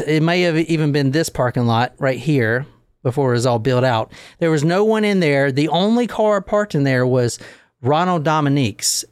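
Podcast host, male, slightly high voice, dry close sound, loose and crude storyteller. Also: clear, resonant tone, dry recording. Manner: loose, profane, joking storyteller. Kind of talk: casual storytelling chat.

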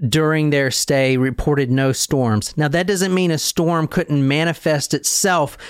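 A man hosting a casual podcast chat, excitable and quick to swear and laugh as he tells a story. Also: medium pitch, smooth, dry recording, clean studio sound. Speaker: podcast host.

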